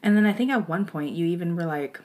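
A woman's voice: on the low side, expressive, fast talker, darkish tone. A young woman co-hosting a podcast in casual chat, chiming in with blunt, supportive remarks. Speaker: podcast co-host.

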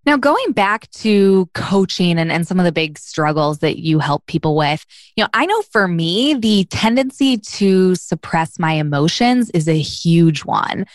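A woman's voice: lowish voice, very animated, a little slow, no echo, studio quality. A woman hosting a podcast who asks curious, friendly questions and talks casually with many fillers. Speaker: podcast host. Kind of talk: interview questions, casual chat.

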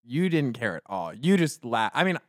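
A young man co-hosting a podcast, chatting casually and telling stories with lots of animated voices. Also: medium pitch, moderate pace, no echo, studio quality. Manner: animated storyteller acting out voices. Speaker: podcast co-host. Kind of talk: casual chat.

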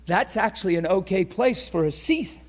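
A high-pitched man preaching with fervor, rising to loud cries and then dropping to quiet, earnest pleading. He acts out the gasps and voices of the crowd in his story, so the delivery keeps changing in height and force. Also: lively intonation, moderate pace. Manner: swings from shouting fervor to hushed earnest appeals. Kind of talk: impassioned sermon.

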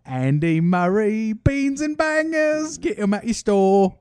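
Man doing a put-on British accent, cocky tennis star, high and drawn-out, hammy. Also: very animated, a little mellow, slight background noise, heavily acted. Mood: boastful. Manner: cocky, hammy, drops grammar. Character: cheeky male British tennis star, boastful.

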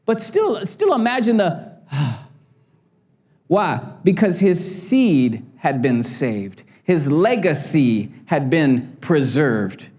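A man's voice: on the high side, big pitch swings, slow pace, hardly any pauses, a little mellow. A man in his forties, a pastor preaching a sermon with passion and humorous stories. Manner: impassioned, storytelling with humor.

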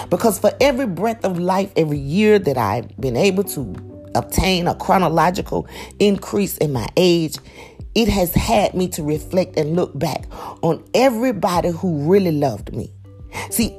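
A motivational speaker with a lowish, darkish voice delivers an emphatic, preachy talk, calling out to her listeners. Faint music plays behind her.

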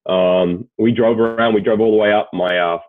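Australian guy, late 20s, low voice, laid-back, swears a lot, phone-quality audio. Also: steady tone, normal speed, no room sound. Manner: laid-back, swears freely, many fillers. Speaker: guest, sports agent. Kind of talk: casual storytelling. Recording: tinny phone-like call audio.

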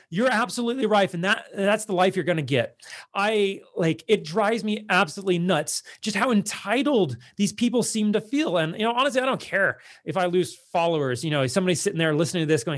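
Man, high-pitched voice, blunt and exasperated, filler-heavy monologue to followers. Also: fairly quick, a bit bright. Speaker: online content creator.

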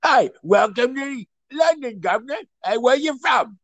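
A man's voice: extremely high pitch, expressive, a little slow, a bit bright, dry recording, voice pushed up, full character voice. A man putting on a brash Cockney bloke. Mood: chirpy. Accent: Cockney, put on.

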